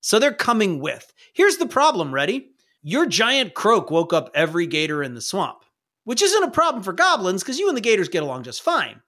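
A man narrating as game master of a tabletop game, playful and quick to laugh. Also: high-pitched, wildly swooping pitch, bright, forceful tone.

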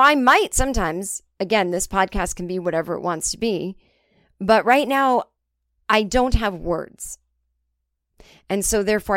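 A woman's voice: medium pitch, no room sound, studio quality. A woman comedian hosting her own podcast, talking in a candid, rambling and sometimes profane casual monologue. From United States.

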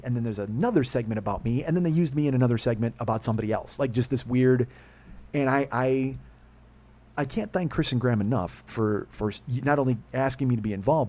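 A man's voice: mid-range voice, a little mellow. A man hosting a podcast, telling a rambling, profane, self-deprecating story in casual chat. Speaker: podcast host.

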